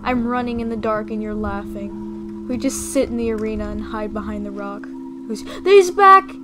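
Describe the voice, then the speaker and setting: A young woman giving casual, playful commentary as she plays a game, excitable and full of gasps and mock panic. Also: medium pitch, moderate pace, over music. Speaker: gaming video creator.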